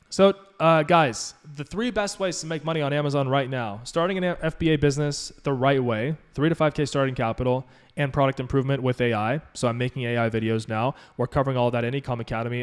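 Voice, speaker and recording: A man of middle pitch talks casually on a live stream, reading and answering viewers' questions as a business mentor. His delivery is upbeat and loose, full of fillers and self-corrections. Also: brisk, smooth. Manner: rambling and upbeat, many fillers and restarts.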